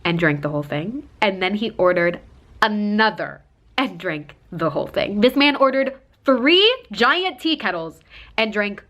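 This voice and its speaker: Animated woman telling a storytime. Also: medium pitch, unhurried. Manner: chatty and animated, full of likes, quoting others in voices. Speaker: lifestyle vlogger. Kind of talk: casual storytime.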